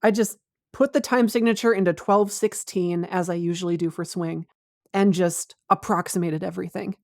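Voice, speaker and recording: A woman's voice: on the low side, steady tone, moderate pace, a little mellow, no echo, studio quality. A woman in casual podcast chat, explaining her music work in a wry way.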